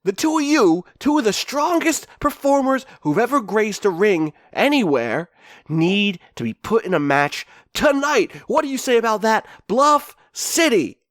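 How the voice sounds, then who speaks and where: Man putting on a high, fawning wrestling promoter. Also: very animated, measured pace, fairly bright tone, no echo, clean studio sound, full character voice. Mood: grandstanding. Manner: overblown, fawning announcer delivery. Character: fumbling male wrestling promoter, clumsy showman.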